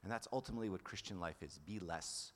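A man with a low voice delivers a sermon in a relaxed, talking-to-you way. He peppers his points with "right?" and sinks into hushed whispers on key lines. His voice rings out in a large, echoing hall. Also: fast talker. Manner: conversational, keeps asking "right?", drops to soft whispers for emphasis. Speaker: priest or preacher. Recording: long hall reverb.

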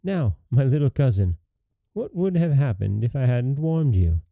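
Man doing bold carefree storybook youth, gravelly, dull muffled audio, soft music. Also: mid-range voice, big pitch swings, moderate pace, dry recording. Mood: cheeky. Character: fearless cheerful young man, the youth.

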